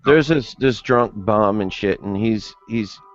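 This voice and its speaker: A man's voice: fairly low pitch, takes it slowly, faint music behind. A man in casual livestream chat, rambling and profane, telling a crude joke over lo-fi stream audio. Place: home livestream.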